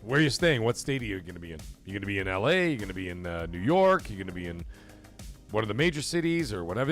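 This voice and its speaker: A man's voice: on the low side, sing-song, fast, fairly bright tone, faint music behind. A man hosting a casual live gaming stream, blunt and profane, talking straight to his chat. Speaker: livestream show host.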